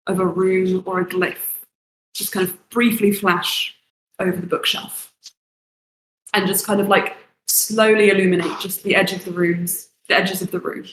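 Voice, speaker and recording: A woman runs a tabletop game, narrating each scene slowly and in careful detail. Her voice sits at a middle pitch and carries a roomy echo around it. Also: fairly bright tone, slight background noise. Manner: slow, descriptive scene-setting. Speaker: game master.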